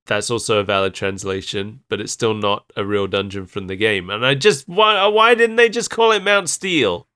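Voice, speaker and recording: A man's voice: fairly low pitch, lively intonation, moderate pace, few pauses, pushed and bright, clean tone. Giggly man chatting on a podcast. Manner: giggly, laughs through sentences. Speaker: podcast co-host. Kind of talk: casual chat.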